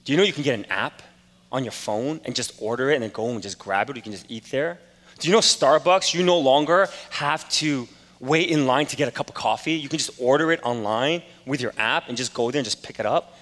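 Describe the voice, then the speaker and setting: A man's voice: medium pitch, a little fast, fairly bright tone, long reverb tail. A man in his forties preaching a sermon in a casual, storytelling way with self-deprecating humor. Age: 40s. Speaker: pastor.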